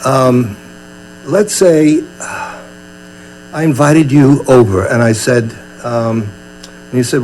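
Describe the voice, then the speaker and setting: Slowly, with long pauses, an older Brooklyn, USA meditation teacher gives a chatty, humorous dharma talk and acts out little scenes. His mid-range voice is a little mellow. The recording is low quality with a faint mains hum.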